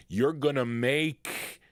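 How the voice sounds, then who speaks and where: A man's voice: medium pitch, no echo, studio quality. A man hosting a live music show, chatting casually between records and announcing listener requests. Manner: easygoing, chatty, announces requests and chart facts. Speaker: radio show host and record DJ.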